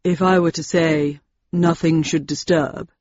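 A woman's voice: low voice, steady tone, darkish tone, no room sound, lo-fi sound, pitched below the performer's own voice. A woman reading as a dry, sarcastic husband. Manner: cool, measured and threatening. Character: dry, wary middle-aged male husband, sarcastic.

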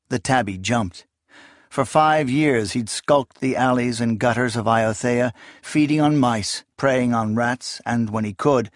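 A man reading a dark fantasy audiobook in a steady, dramatic storytelling manner. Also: medium pitch, no echo, clean studio sound. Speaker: audiobook narrator. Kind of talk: scripted narration.

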